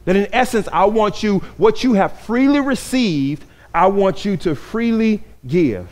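A man's voice: high-pitched, lively intonation, a little slow, darkish tone. A man preaching a sermon as pastor, earnest and repeating phrases for emphasis. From grew up in an inner-city neighborhood.

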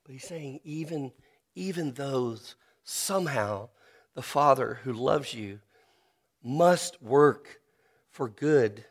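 A man preaching a sermon, earnest and personal, slowing down to stress key phrases. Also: medium pitch. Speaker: pastor.

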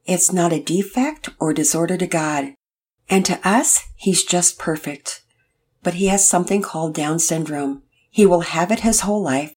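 A woman's voice: lowish voice, darkish tone, breathy edge. A woman voicing a cheerful father who speaks patiently and tenderly to his son. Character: warm, cheerful father, middle-aged man.

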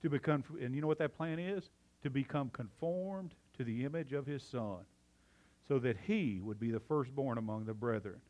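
A man preaching a sermon, excitable and out of breath, swinging from loud fervor to hushed emphasis. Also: medium pitch, moderate pace. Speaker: pastor.

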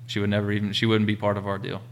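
A laid-back man chats about his business. His voice sits low and stays level, with little rise or fall. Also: monotone, racing, gravelly, slight background noise. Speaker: podcast co-host, business owner. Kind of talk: casual chat.

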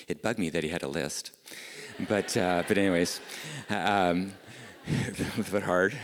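A man's voice: low-pitched, takes it slowly, big-room sound. A middle-aged man, preaching a sermon in an earnest, conversational way, full of rhetorical questions. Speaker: pastor. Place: church.

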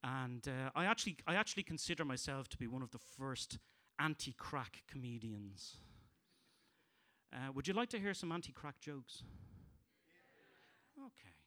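A man's voice: mid-range voice, sing-song, moderate pace, sharp tone. A man with a Dublin Irish accent performing a stand-up set, dry and hesitant with frequent ums and restarts. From Ireland. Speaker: stand-up comedian.

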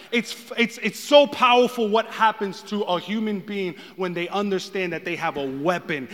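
High-voiced pastor preaching in a big echoey hall, goes quiet then shouts. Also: male voice, normal speed, few pauses. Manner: swings from hushed to shouted preaching. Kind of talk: sermon. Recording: long hall reverb.

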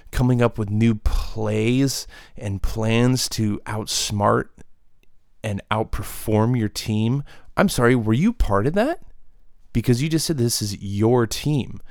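Gravelly, unhurried man ranting. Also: lowish voice, dry recording, clean studio sound. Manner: profane, exasperated, rambling with restarts. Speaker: podcast host. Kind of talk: solo comedic rant.

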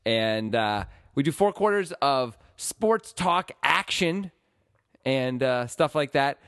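A man's voice: mid-range voice, lively intonation, slow pace, fairly bright tone, dry recording, clean studio sound. A man hosting a casual sports podcast, playful and rambling. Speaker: podcast host.

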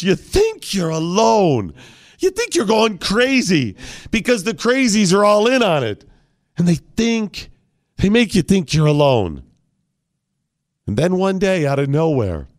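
A man hosting talk radio, ranting in a mock-dramatic, theatrical way. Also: high voice. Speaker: radio host.

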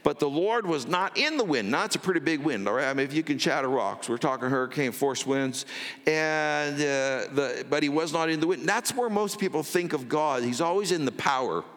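A man preaching a sermon as pastor, telling the story with drama and dropping from loud to hushed. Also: fairly high pitch, animated, brisk, long reverb tail.

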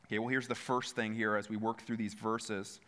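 A man's voice: lowish voice, little pitch movement, a little fast, bright, forceful tone. A man preaching a sermon in a church, earnest, often repeating phrases and speaking straight to his listeners. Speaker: pastor.

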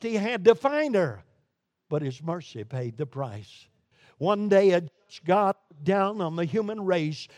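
A man from Brooklyn preaching a sermon, emphatic, with sudden swings between loud declarations and quiet, low lines. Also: no room sound. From Brooklyn, New York. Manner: emphatic preaching with sharp rises and drops in volume.

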